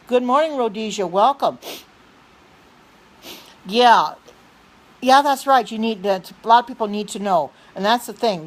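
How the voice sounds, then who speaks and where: A woman hosting a livestream, talking insistently and earnestly, often repeating herself, restarting sentences and clearing her throat. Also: mid-range voice. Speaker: livestream host reading chat. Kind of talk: earnest preaching livestream chat.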